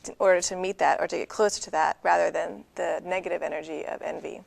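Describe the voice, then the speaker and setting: A woman's voice: on the low side, steady tone, fast talker, vocal fry. A woman joining a casual conversation, agreeing thoughtfully.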